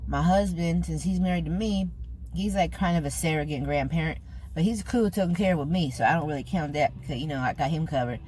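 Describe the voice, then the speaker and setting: A woman's voice: low-pitched, a little fast, a little mellow, slight background noise. An older woman with a Californian accent talking earnestly to camera in a vlog, slangy and emphatic, getting choked up. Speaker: food vlogger. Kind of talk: casual heartfelt talk to camera.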